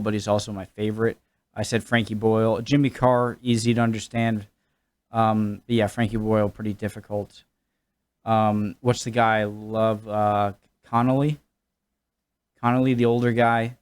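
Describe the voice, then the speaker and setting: A man's voice: on the low side, darkish tone. A man from New England with an American accent, chatting casually as a YouTube reactor, hesitant and self-deprecating with many restarts. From New England, United States.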